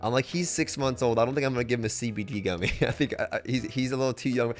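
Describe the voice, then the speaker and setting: A young man streams a rambling, profane story to his chat. He jumps into squeaky impressions of the people he met. Faint music plays under his voice. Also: racing. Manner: animated, profane, high-pitched mimicry of others. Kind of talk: casual storytelling.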